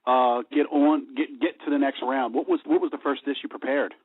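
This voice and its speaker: A man's voice: mid-range voice, fairly even intonation, fairly quick, husky, no echo. A male radio host asking questions eagerly and stumbling over repeated words. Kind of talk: casual radio interview. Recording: dry phone-like radio audio.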